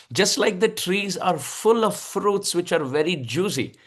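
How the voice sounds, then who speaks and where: Man giving a devotional discourse. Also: high voice. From India. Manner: expressive, drawn-out phrases with frequent soft laughs. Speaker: spiritual speaker.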